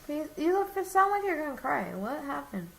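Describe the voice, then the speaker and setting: A young woman tells a rambling, animated story to a friend in casual chat. Her voice sits a little high. The room is echoey, with faint background noise. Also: a little fast, creaky. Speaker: vlogger.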